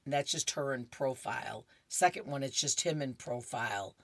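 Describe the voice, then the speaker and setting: A woman's voice: very deep voice, normal speed, no room sound. A woman radio reader going through horoscopes and comic strips, with chatty asides and laughter at the jokes.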